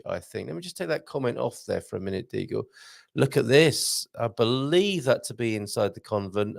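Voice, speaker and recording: A man's voice: mid-range voice, creaky, dry recording, studio quality. A man hosting a live show in a casual, jokey way, reading out viewer comments and adding chatty asides. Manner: chatty, jokey, reads messages aloud with asides.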